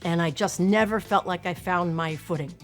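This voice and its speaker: A woman's voice: fairly low pitch, moderate pace, soft background music. A woman from Long Island, an actress speaking candidly and conversationally in an interview, with a self-deprecating manner, on a close mic. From Long Island, New York. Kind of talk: casual interview reflection.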